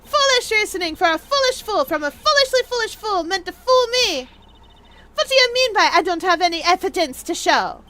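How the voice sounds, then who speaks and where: A woman's voice: extremely high pitch, sing-song, normal speed, background noise, voice pushed up. A woman playing a haughty, scornful prosecutor. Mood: scornful, indignant. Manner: scornful, imperious, sharp retorts. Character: haughty, whip-cracking young female prosecutor.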